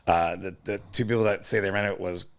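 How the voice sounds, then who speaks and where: A man's voice: low-pitched, fairly even intonation, brisk. A man co-hosting a comedy podcast, telling a rambling story in casual chat and swearing freely. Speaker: podcast co-host.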